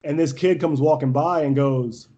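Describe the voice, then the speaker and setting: A young man swaps stories in a loose podcast chat, voice sitting on the higher side for a man. He talks with brash confidence and keeps breaking into laughter. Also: moderate pace, dull audio, a little hiss or hum. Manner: brash, animated, laughs often. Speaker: podcast guest, volleyball coach. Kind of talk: casual storytelling interview.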